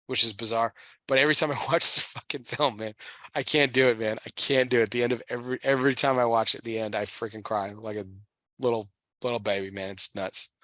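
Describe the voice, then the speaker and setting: Bright, emotional man swearing casually. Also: medium pitch, steady tone, no echo. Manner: emotional, swearing, halting restarts. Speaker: podcast host. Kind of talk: casual chat.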